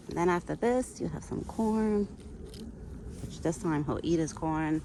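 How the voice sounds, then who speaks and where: A woman with a deep voice vlogs casually outdoors in a wooded yard while feeding her pet deer, with background noise audible. She speaks at a measured pace, chatty, now and then cooing baby talk to the deer.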